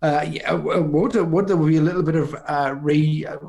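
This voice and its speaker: A man's voice: a little high, steady tone, a little fast, creaky, a little mellow. A man co-hosting a podcast, chatting casually and rambling with many restarts. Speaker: podcast co-host. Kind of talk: casual chat.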